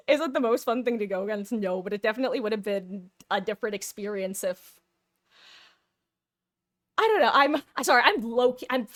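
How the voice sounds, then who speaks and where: A woman's voice: mid-range voice, bright, forceful tone. A young woman from New Jersey, rambling and giggly as she chats through a live game stream. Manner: rambling, giggly, self-deprecating, many restarts. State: short of breath. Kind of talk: casual live-stream commentary while playing.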